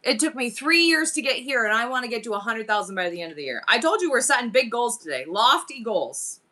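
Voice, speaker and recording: A woman live-streaming to her viewers, chatting casually and excitedly as she thinks aloud through her numbers and goals. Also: on the high side, quick pace.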